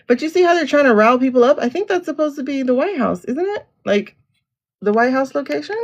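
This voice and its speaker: A woman hosts a casual livestream and chats in a familiar way, greeting viewers by name and calling them "girl." Her voice has a gravelly edge and swings widely in pitch. The sound is dull and lo-fi, like a downloaded stream. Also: animated, fast talker. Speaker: livestream host.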